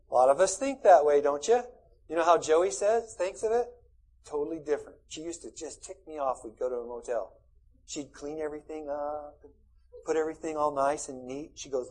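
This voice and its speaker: A man's voice: fairly high pitch, darkish tone, breathy edge, low-quality recording. A middle-aged man pastor giving a conversational, folksy sermon with asides to the congregation.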